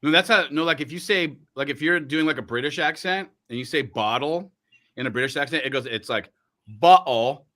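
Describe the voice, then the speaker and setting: Bright-voiced radio host, animated chat. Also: male voice, fairly high pitch, brisk. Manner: animated, joking, talks while eating. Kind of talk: casual livestream chat.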